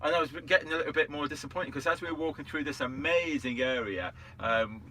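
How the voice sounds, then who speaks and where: A man co-hosting a livestream, telling travel anecdotes in a rambling, halting way. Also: fairly high pitch, sharp tone, a little hiss or hum. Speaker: livestream co-host. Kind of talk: casual storytelling chat. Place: indoors, in a vehicle.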